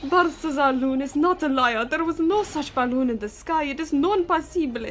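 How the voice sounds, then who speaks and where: A woman's voice: high-pitched, moderate pace, faint music behind, voice pushed up, lightly acted. A woman voicing a proud adult male Italian balloonist with a put-on Italian accent, theatrical and indignant. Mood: insistent.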